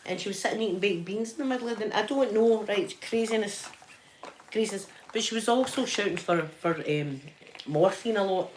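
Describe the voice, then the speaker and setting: A woman's voice: mid-range voice, fairly quick, a little hiss or hum. Chatty middle-aged Scottish woman. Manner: chatty, repetitive, animated and indignant. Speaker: vlogger. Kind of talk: casual storytelling.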